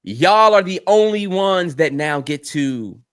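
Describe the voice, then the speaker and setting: A man co-hosting a podcast in casual chat, animated and heartfelt, swearing freely and getting teary. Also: sits high, takes it slowly, smooth. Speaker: podcast co-host.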